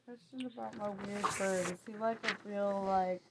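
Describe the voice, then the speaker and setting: A woman's voice: medium pitch, fairly even intonation, moderate pace, gravelly, very noisy. A woman playing a tabletop game, chatty and questioning, laughing often. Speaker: player. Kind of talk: casual tabletop play.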